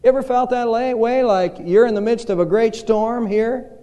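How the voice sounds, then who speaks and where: A male pastor preaching a sermon in a church, telling stories slowly and dramatically with pauses. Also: very high-pitched, warm tone, dull audio. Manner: slow, dramatic storytelling with pauses. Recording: reverberant hall.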